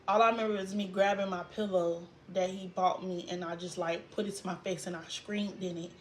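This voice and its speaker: A young woman telling a painful personal story in a vlog, halting and trailing off as she fights tears. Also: fairly low pitch, steady tone, slight background noise. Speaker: vlogger.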